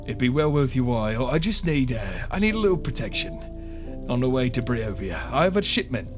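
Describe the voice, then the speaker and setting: A man voicing a gruff, weary older male merchant in a tabletop game, talking in a grumbling way. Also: medium pitch, very animated, brisk, music in the background, close to an everyday voice.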